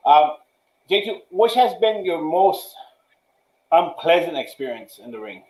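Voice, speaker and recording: A man hosting a casual interview, asking questions and giving shout-outs. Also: on the high side, big pitch swings, measured pace. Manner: easygoing, asks questions and gives shout-outs. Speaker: host. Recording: roomy echo.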